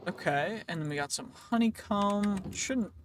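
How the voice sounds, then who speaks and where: A let's play host, young and a little hoarse, chats and jokes to himself while gaming, rambling along. His high-pitched voice has lively intonation and an unhurried pace, and the recording carries a little hiss or hum.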